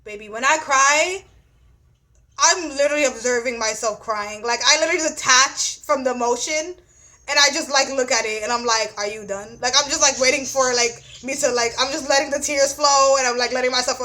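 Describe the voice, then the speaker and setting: A woman's voice: high voice, fairly quick, sharp tone. A young woman giving a casual astrology reading, blunt and profane, often repeating "you know what I'm saying.". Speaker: astrology reader.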